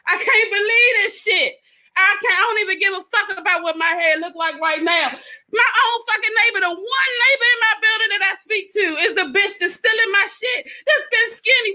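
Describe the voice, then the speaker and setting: A furious woman ranting into her phone on a live video, swearing freely and sounding thoroughly exasperated. Her voice sits high and comes across bright and sharp. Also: moderate pace.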